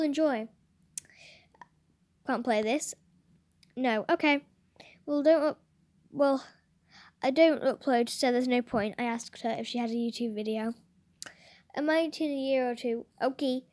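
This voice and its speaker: High-voiced woman reading chat messages. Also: no echo. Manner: giggly, chatty read-aloud with bursts of laughter. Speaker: channel host.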